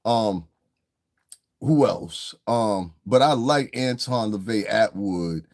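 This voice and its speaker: A man's voice: on the low side, takes it slowly, darkish tone. Profane, blunt man ranting on a livestream. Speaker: livestream commentator. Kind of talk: casual livestream rant.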